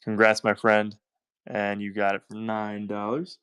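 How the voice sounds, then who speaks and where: A man's voice: fairly low pitch, completely flat delivery, a little slow, fairly bright tone, clean tone, no echo. A man with a Southern US accent hosting a live-stream coin auction, talking in upbeat, chatty selling patter and thanking buyers by name.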